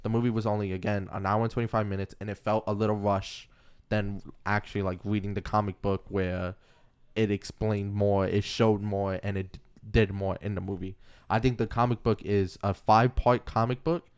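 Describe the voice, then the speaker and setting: A man's voice: lowish voice, flat delivery, normal speed, smooth. A young man co-hosting a podcast, chatting casually and loosely, often stopping to correct himself. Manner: chatty, self-correcting, laughs easily. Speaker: podcast co-host. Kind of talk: casual chat about comics and movies.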